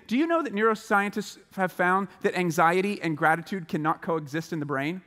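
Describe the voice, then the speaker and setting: A man giving a motivational chapel talk to students, animated and acting out the voices of the people in his stories. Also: sits high, brisk, few pauses, big-room sound. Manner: animated, acts out quoted voices. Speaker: chapel speaker. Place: large school chapel hall.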